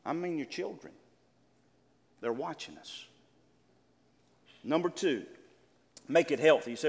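Older preacher guy, high lively voice, big amens, echoey church hall. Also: moderate pace, long pauses. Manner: preaching with call-and-response amens, building to shouts. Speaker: pastor. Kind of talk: sermon. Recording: church hall with long reverb.

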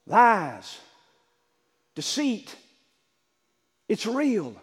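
A man preaches with a strikingly high voice that rises and falls in lively swings. He drops low for quiet asides, then climbs into loud, shouted stretches. The sound rings with the long reverb of a church hall. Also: extremely slow, breathy edge. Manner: builds from low talk to shouted preaching, acts out quotes. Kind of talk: sermon.

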